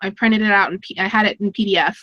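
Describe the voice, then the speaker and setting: A woman's voice: mid-range voice, fairly even intonation, fast talker, dry recording, highs cut off. A woman hosting a casual online chat show, talkative and laughing often. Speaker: podcast host.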